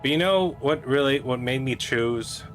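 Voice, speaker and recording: A man hosts his gaming channel, telling a rambling, joking story as he plays. His voice sits at an ordinary middle pitch. Game music plays clearly underneath. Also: normal speed, fairly bright tone. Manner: rambling, joking, with frequent restarts. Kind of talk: casual rambling commentary while playing.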